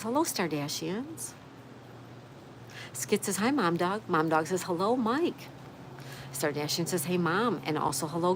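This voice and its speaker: A friendly woman hosts a casual live stream from an outdoor patio, warmly reading out viewer comments and greeting people by name. Her voice sits a little on the low side. A faint outdoor ambience hums under her talk. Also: background noise. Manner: upbeat, reads out viewer comments.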